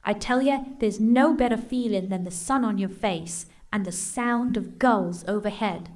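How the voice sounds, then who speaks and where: A woman's voice: medium pitch, a little slow, darkish tone. A text-to-speech woman voice playing a cheerful, outgoing seaside woman with an English accent, chatty and upbeat. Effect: synthetic text-to-speech voice.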